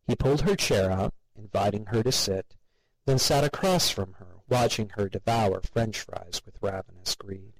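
Guy reading a spooky story, lowish voice, dry close sound. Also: moderate pace, vocal fry, no room sound, low-quality recording. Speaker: narrator. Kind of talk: storytelling narration.

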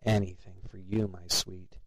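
A man's voice: measured pace, no echo, low-quality recording. A man doing a glum, mumbling young man. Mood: forced politeness. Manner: low, quiet and flat. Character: weary, appalled young man, muttering.

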